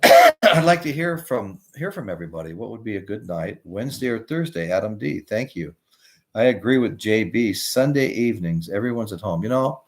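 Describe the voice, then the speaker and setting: Older man, lively rambling host. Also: lowish voice. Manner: rambling storyteller, drifts off topic. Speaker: host of a live music show. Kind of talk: casual live-stream chat, reading viewer comments.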